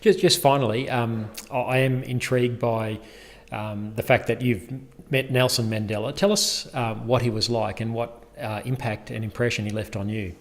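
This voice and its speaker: A man, hosting an interview, measured and giving brief affirming murmurs. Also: medium pitch, steady tone. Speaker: host. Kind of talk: conversational interview.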